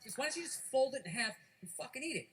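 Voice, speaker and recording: A man's voice: extremely high pitch, very animated, fast, loud music behind the voice. A man doing stand-up comedy on stage, ranting and swearing in a conversational way.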